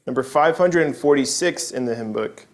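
A man's voice: medium pitch, moderate pace. A man preaching a sermon in an earnest, conversational way, with frequent restarts and asides to the congregation.

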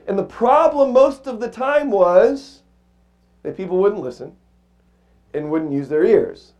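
A male pastor preaching a sermon with a cracking voice, reading scripture slowly and emphatically and asking the congregation questions. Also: high-pitched, a little mellow.

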